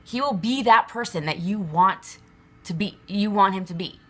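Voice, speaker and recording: A woman's voice: mid-range voice, normal speed. A woman venting to the camera in a rambling, emphatic way, swearing often and filling her talk with fillers. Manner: agitated, emphatic. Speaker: vlogger.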